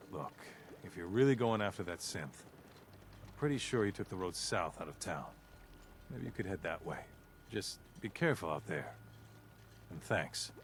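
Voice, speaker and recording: A guilt-ridden townsman in a video game talks in a very deep voice, earnest and defensive. Faint noise sits behind him. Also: a bit bright. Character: worried lone male townsman, guilty and defensive.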